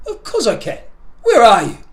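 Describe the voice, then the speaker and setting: Guy putting on a squeaky confused snowman, high yelping voice, storybook read-aloud. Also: huge pitch swings, moderate pace, exaggerated voice. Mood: bewildered. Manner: high blurting yelps. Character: innocent, bewildered snowman, newly awake.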